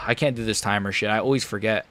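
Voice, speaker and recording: A young man reacting live to a fight he is watching, frustrated and ranting, dropping to mutters and rising to yells. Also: fairly low pitch, steady tone, fast. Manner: frustrated, swings between muttering and yelling.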